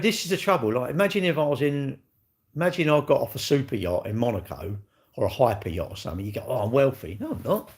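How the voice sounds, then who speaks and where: A man's voice: mid-range voice, gravelly. A middle-aged man talks straight to his livestream chat, cheeky and blunt. He swears without a second thought and teases his viewers in easy, chatty banter. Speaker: livestream host. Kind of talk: casual livestream chat reading viewer comments.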